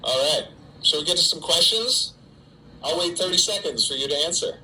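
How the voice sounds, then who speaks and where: Livestreaming from home in quarantine, a middle-aged actor answers typed fan questions in a chatty, self-mocking way, addressing viewers he can't see. He speaks at normal speed in a fairly high, expressive, bright and forceful voice. The low-quality recording carries a little hiss or hum.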